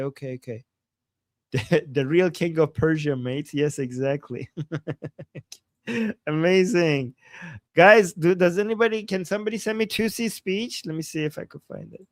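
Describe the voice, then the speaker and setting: A man from Iran co-hosting a livestream, reacting excitedly to rally footage and reading chat messages aloud. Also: high-pitched, no echo. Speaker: livestream co-host. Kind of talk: live commentary on rally footage.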